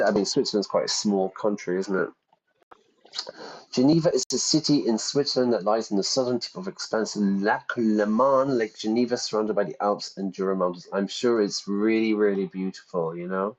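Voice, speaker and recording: A man's voice: on the low side, rough recording. A middle-aged man, an English teacher chatting casually and wryly through an online lesson. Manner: chatty, wry, rambling asides. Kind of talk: casual screen-share lesson, reading aloud.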